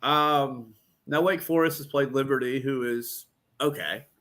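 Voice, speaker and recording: A man's voice: mid-range voice, unhurried, fairly bright tone. A man co-hosting a casual college football picks chat, playful and teasing. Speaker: sports show co-host.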